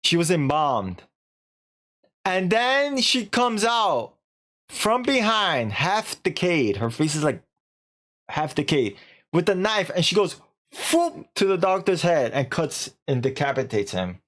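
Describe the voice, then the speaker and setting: A man's voice: fairly high pitch, takes it slowly. A man streaming, casually retelling a story in a rambling way and acting out the quotes. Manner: rambling, animated retelling full of acted-out quotes.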